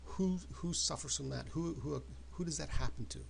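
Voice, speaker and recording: A man's voice: fairly high pitch, normal speed, vocal fry, slight background noise. A man giving an emphatic motivational talk, often repeating words and questions for effect. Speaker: motivational speaker.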